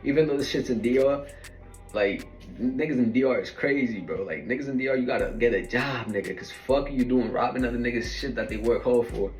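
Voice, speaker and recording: A man's voice: mid-range voice, brisk. A man casually telling stories in a slangy, rambling way, full of fillers and asides. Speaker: storyteller. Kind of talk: casual storytelling. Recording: roomy echo from a distant mic, faint music.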